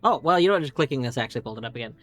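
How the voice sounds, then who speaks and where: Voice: mid-range voice, animated, racing. A game streamer talking through a live puzzle game, chatty and rambling, swearing casually. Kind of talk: live gameplay commentary.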